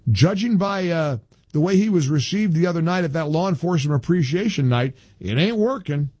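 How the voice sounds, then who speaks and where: A man's voice: fairly high pitch, animated, fairly quick, darkish tone, no echo. A man hosting a political talk radio show, emphatic and repeating himself when worked up.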